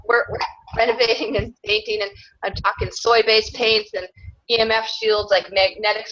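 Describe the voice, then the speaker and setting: A woman's voice: medium pitch, fairly bright tone. A woman being interviewed, talking in a rambling, earnest way and laughing often between thoughts. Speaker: interviewee, self-described clan mother. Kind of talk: casual interview talk. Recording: dull lo-fi sound.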